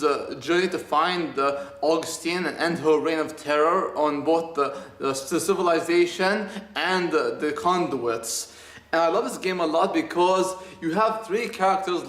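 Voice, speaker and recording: A man's voice: fairly high pitch, fairly bright tone. Rambling, enthusiastic man in echoey room. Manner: rambling and enthusiastic, many restarts. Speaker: video game reviewer. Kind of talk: casual spoken game review.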